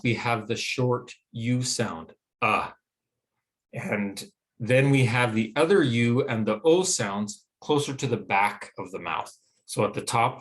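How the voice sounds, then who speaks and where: Here a man who teaches phonetics lectures in a Western American accent, his pitch sitting comfortably in the middle. He is patient in his explanations and elongates the vowels he shows.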